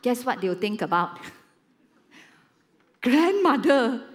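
A woman in her forties with a Malaysian English accent, preaching a sermon and telling a story with lively acted-out quotes. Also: a little high, moderate pace. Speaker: pastor.

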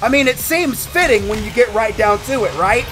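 A man's voice: sits high, animated, moderate pace, over music. A man hosting a let's-play, trash-talking and whooping at enemies. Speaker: gaming video host.

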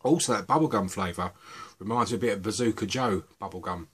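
A man's voice: fairly low pitch, fast talker, husky. A middle-aged man from the UK, chatting casually and rambling a little as he reviews vape juices. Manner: chatty, relaxed, rambling asides.

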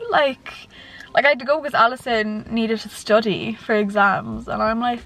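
A woman's voice: fairly high pitch, steady tone, moderate pace, gravelly, a bit bright, faint music behind. A young woman in her twenties, chatting casually to the camera in a rambling way, full of "like"s. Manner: rambling, says "like" a lot. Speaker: vlogger.

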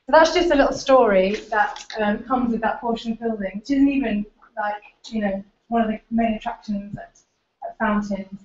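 At a moderate pace, a woman whose voice sits on the high side gives an informal lecture-room presentation, pointing at pictures on her slides as she explains. The recording has a dull, roomy lecture quality.

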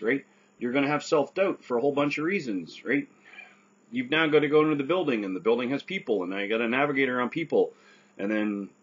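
A man's voice: mid-range voice, slightly rough, highs cut off. A man who survived a stroke gives earnest, casual advice, often checking in with "right?".

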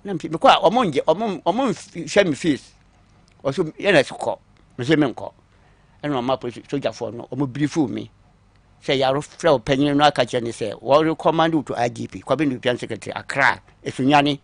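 A man recounting his own long story on a talk show, acting out what others said to him, moving between quiet asides and louder bursts. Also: mid-range voice, a little fast, gravelly, no echo. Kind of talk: call-in story telling.

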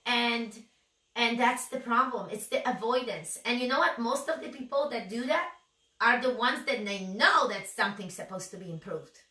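A woman's voice: a little high, moderate pace, pushed and bright, far from the mic. A woman with a Russian accent co-hosting a motivational show, urging listeners with questions. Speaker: podcast co-host. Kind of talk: motivational talk. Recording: echoey room, off-mic.

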